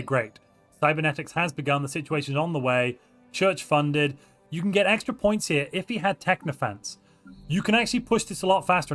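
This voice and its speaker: Male live-stream caster, a bit high-pitched, excitable commentary over light background music. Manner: excitable, quick asides, reads chat aloud. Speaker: tournament caster.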